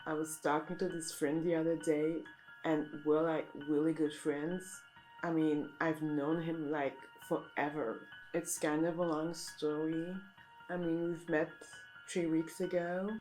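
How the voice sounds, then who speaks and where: A woman delivering a deadpan, mock-serious satirical monologue as a comedic vlogger. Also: deep voice, measured pace, soft background music, poor audio.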